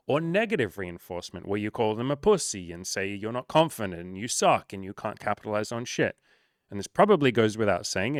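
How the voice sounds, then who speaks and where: A man's voice: fairly low pitch, no echo, studio quality. A man working as a life coach, answering viewer comments to the camera in a blunt, profane, emphatic pep-talk manner.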